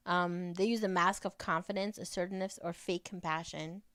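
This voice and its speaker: Woman cohost reading out her notes, smooth clear voice, dry close sound. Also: fairly low pitch, steady tone, fairly quick, a bit bright, no room sound. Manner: reads notes aloud, laughs easily. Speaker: podcast co-host. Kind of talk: casual chat, reading from articles.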